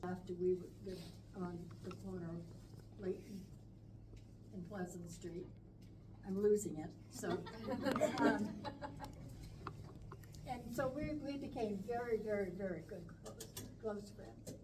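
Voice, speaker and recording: Slow-talking woman reminiscing, far from mic. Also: mid-range voice. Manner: rambling, halting, laughing fondly. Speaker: family friend sharing memories. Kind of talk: memorial speech, casual reminiscing. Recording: distant mic with clear background noise.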